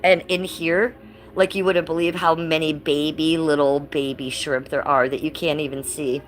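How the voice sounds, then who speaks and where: Brief: middle-aged woman, lowish voice, chatty and blunt on a home stream, music up behind her. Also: fairly even intonation, normal speed, low-quality recording. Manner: chatty and blunt, swears casually. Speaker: livestreamer. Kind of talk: casual livestream chat. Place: living room at home. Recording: music playing clearly behind.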